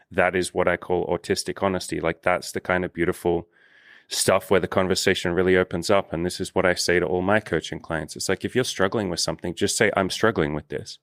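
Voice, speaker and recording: A very deep-voiced man speaks earnestly and with measured warmth of words, affirming the others. The sound is dry and close, with no room around it. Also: no room sound. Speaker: dating coach and host. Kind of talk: casual podcast conversation.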